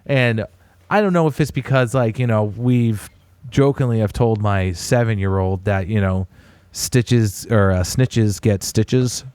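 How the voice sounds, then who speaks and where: A man in his thirties, co-hosting a podcast, telling a family story in a casual, animated way. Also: measured pace, clean tone. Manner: animated storyteller, puts on high voices when quoting a child. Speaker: podcast co-host.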